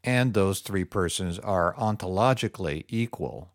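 A man co-hosting a Bible discussion, speaking deliberately and summarizing points. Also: low-pitched, no echo, studio quality. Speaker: co-host. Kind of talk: scripted theological dialogue.

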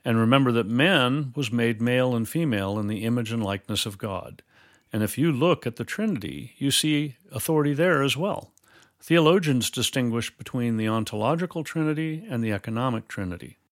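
A man teaching Bible doctrine in a measured, explanatory way, quoting scripture formally. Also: mid-range voice, no room sound, studio quality. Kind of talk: scripted theological dialogue.

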